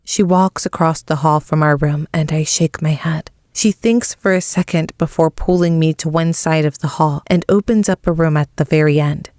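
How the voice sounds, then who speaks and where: A woman narrating a first-person romance audiobook in a slow, measured, emotional reading. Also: low-pitched, steady tone, a little mellow, dry recording, studio quality.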